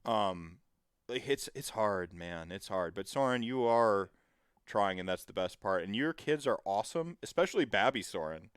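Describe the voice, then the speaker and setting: A man's voice: fairly low pitch, expressive, moderate pace, fairly bright tone, clean tone, no echo, studio quality. A man in his thirties hosting a casual podcast chat, rambling with plenty of fillers and the odd swear word. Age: 30s. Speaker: podcast host.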